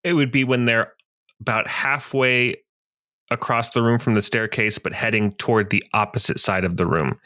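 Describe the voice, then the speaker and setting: A man's voice: medium pitch, fairly even intonation, moderate pace, pushed and bright. A man playing a tabletop role-playing game, thinking aloud as he plans his character's moves. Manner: thoughtful, planning aloud. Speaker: player. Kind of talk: casual tabletop play.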